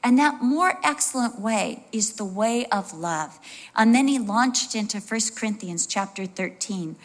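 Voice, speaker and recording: Expressive woman preaching a sermon. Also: medium pitch, measured pace. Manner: conversational and expressive, with asides and little acted-out voices.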